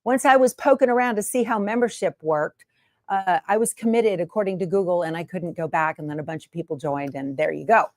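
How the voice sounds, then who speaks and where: A woman's voice: fairly low pitch, fairly quick, darkish tone, no room sound, studio quality. A woman hosting her sewing channel in a chatty, homey way from her sewing room. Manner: chatty and homey, many fillers. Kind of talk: casual chat to camera.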